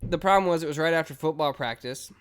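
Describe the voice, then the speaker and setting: Podcast co-host, young man from Vegas, slightly higher voice, loose and animated storyteller. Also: fast talker, smooth. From Las Vegas, USA. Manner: animated storyteller, acts out quotes; casual, heavy filler words. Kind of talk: casual chat.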